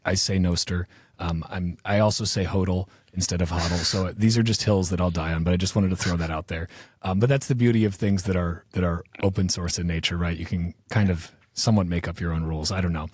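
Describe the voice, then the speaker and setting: A man's voice: low-pitched, darkish tone, breathy edge, no room sound, studio quality. A man hosting a podcast, chatty and digressive, asking long rambling questions. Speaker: podcast host. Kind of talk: casual interview talk.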